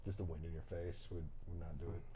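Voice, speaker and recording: A man with a deep, low voice co-hosts a comedy podcast. His delivery is dry and understated, and a faint background noise sits under the recording. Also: level tone, fast talker, mellow, rough recording. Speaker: podcast co-host. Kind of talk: casual comedic chat.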